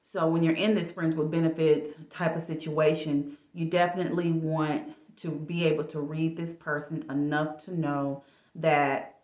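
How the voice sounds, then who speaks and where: A woman life coach chatting casually in an advice vlog, speaking in a lively, animated way. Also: low voice. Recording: echoey room.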